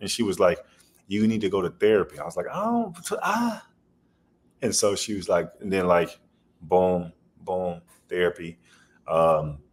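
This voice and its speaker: A man's voice: sits low, fairly even intonation, normal speed, a little mellow. A man guest on a podcast, telling rambling stories in a loose, slangy way. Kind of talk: casual storytelling interview.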